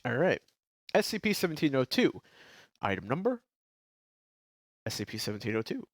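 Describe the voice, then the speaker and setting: A man's voice: mid-range voice, big pitch swings, moderate pace, dry recording. A congested man co-hosting a podcast, chatting casually and reading documents aloud with some stumbles and restarts. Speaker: podcast co-host. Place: his apartment.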